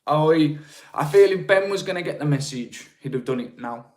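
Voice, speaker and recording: A man's voice: on the high side, expressive, moderate pace, a little mellow. A young man hosting a live stream, chatting informally and greeting viewers between points. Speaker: live-stream host on marketing. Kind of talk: casual live-stream talk, reading viewer chat.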